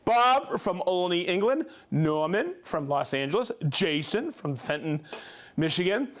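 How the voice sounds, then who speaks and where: A male host on a live stream runs through viewer shout-outs with plenty of energy. His voice sits high and swings widely in pitch, and he sounds excited throughout. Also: measured pace. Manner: upbeat, excited, calls out viewer names. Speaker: livestream host.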